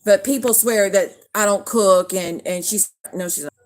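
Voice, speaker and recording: A woman's voice: mid-range voice, normal speed. A woman hosts a casual livestream. She rants in a heated way, swears often and calls out viewers by name. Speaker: livestream host.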